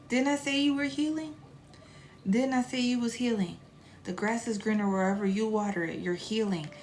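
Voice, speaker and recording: Animated, profane woman streaming live. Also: a little high, slight background noise. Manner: animated, profane, laughing asides. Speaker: spiritual reader streaming live. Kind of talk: casual live-stream chat.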